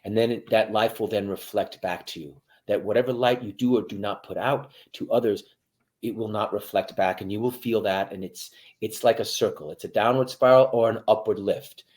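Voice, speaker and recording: A military veteran guest giving motivational interview talk, addressing listeners directly and swinging from hushed to loud. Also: male voice, lowish voice, moderate pace.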